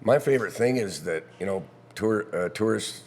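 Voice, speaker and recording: A man's voice: lowish voice, expressive, moderate pace, a little mellow, slight background noise. Laughing storyteller man in a pub. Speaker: guest musician. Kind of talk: casual chat over drinks. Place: back bar of a pub.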